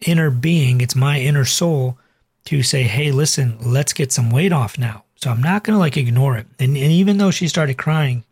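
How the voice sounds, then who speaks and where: Male doctor in his forties, rambling storyteller, husky voice, dry close sound. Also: mid-range voice, normal speed, a little mellow, no echo. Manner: chatty and rambling, with many fillers and asides. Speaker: cardiologist and weight loss coach. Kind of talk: casual storytelling monologue to camera.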